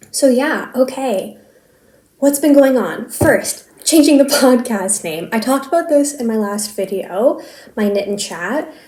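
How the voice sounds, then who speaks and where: A woman's voice: fairly high pitch, dark tone. A woman of twenty-six, hosting a knitting podcast in a rambling, self-deprecating casual chat and laughing easily. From Canada. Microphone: filming herself on camera. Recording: echoey room.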